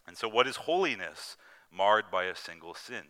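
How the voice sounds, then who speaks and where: A man preaching an earnest, emphatic sermon, slowing down to stress scripture quotes. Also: lowish voice, very animated, pushed and bright.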